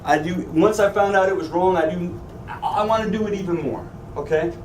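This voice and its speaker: A man teaches a Bible class at Sunday school, joking energetically and repeatedly questioning his students at a slightly fast pace. His voice is high for a man, heard from a distance in a spacious, echoey church classroom with slight background noise.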